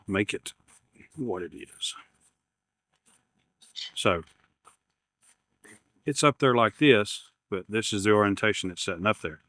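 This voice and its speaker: A man's voice: on the low side, sharp tone, dry recording. A man, rambling casually as he unboxes gear at his workshop bench. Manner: rambling, repeats words, self-deprecating humor. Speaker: YouTube maker unboxing camera gear.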